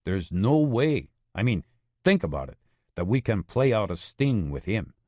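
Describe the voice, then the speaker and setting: A man's voice: fairly low pitch, very animated, measured pace, a little mellow, no room sound, muffled recording. A man voicing a blunt, cautious police sergeant in an audiobook, matter-of-fact. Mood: firm.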